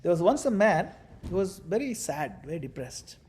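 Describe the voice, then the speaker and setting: A spiritual teacher with a fairly high male voice leads a devotional class at a moderate pace. He's lively and demonstrative, acting things out as he teaches and dropping in playful asides.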